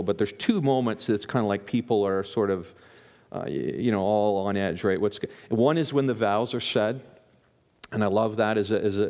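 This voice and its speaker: A man's voice: on the low side, darkish tone. A man preaching a conversational sermon as a pastor, often repeating words and restarting his sentences.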